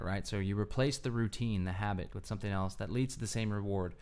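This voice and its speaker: Earnest male speaker for a self-help talk; lowish voice, clean and smooth. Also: fast talker, few pauses, darkish tone. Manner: earnest, explanatory, often adds "right?". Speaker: mindfulness speaker. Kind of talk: solo talk to camera.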